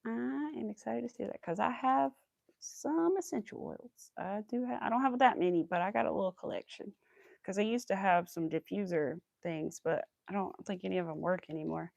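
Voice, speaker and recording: A young woman with a light Southern accent chats away while she crochets on a livestream. She rambles from one thing to the next and laughs a lot. Her voice has a gravelly fry, and the sound is close and dry. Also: mid-range voice, moderate pace, darkish tone, no echo. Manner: chatty, rambling, laughs often, talks to her dog.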